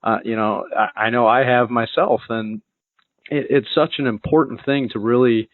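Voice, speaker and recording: A man's voice: mid-range voice, steady tone, moderate pace, no echo. A man hosting a podcast, reflecting on his guest's story and often restarting his phrases. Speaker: podcast host. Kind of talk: conversational interview. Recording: tinny phone-like line, dry.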